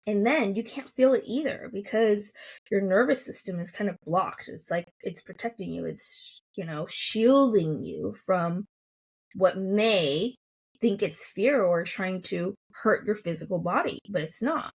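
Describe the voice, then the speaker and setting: A pregnant woman in her thirties hosting a solo podcast, talking in a soft, emotional, reflective way with many fillers. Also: mid-range voice, expressive, a little slow, slightly rough. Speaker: podcast host.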